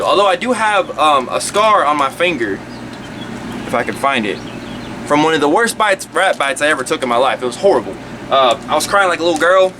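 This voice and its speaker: Casual vlogger, man, rambling and jokey, fairly high bright voice, off-mic with faint hiss. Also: recorded from a distance. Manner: rambling, chatty, jokey asides. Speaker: pet snake vlogger. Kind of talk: casual how-to vlog.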